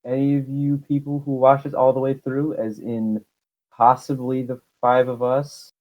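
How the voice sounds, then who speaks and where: A man's voice: medium pitch, level tone, moderate pace. A teenage man hosting a casual podcast with friends, rambling and jokey as he wraps things up. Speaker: podcast host. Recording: dull lo-fi sound.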